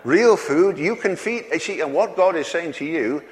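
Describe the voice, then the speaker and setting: A man's voice: a little high, lively intonation, normal speed. Guy preaching, chuckly and folksy, keeps asking the crowd stuff, big echoey hall. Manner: chuckling, folksy, rhetorical questions to the congregation. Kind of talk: sermon. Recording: long hall reverb.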